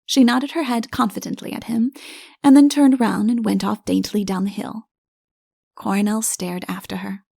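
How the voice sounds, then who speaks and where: Gravelly-voiced woman narrating a fairy tale. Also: medium pitch, steady tone, moderate pace, mellow, dry recording, clean studio sound. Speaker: audiobook narrator. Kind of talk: scripted storybook narration.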